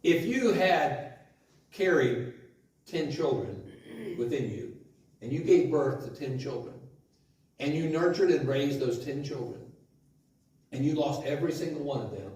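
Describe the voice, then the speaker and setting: A man's voice: on the high side, darkish tone. A man preaching a sermon in church, talking with the congregation through rhetorical questions. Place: church sanctuary. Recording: very echoey church hall, mic at a distance.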